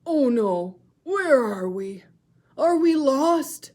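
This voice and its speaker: A small worried baby seal, as a woman reading aloud puts it on speaks a little above a normal voice. The lines are slow and plaintive, with lively pitch. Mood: childlike.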